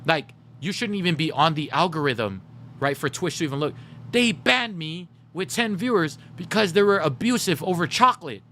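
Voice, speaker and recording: A man's voice: on the high side, animated, moderate pace, pushed and bright, slight background noise. A man streaming live, chatting casually with his viewers and telling stories straight to chat. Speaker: gaming livestreamer.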